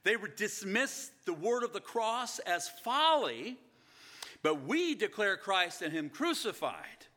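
Middle-aged male preacher with a high voice, earnest and emphatic in the pulpit. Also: big pitch swings, takes it slowly, pushed and bright. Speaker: pastor. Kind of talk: sermon.

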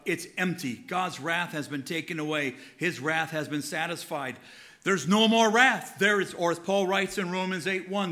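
A man preaching with a high, bright voice that rings out sharply. He builds to fervent, emphatic climaxes, then drops into low, earnest passages as he presses each point home. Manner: impassioned, rising to fervent peaks then dropping low and earnest. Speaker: pastor. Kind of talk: sermon.

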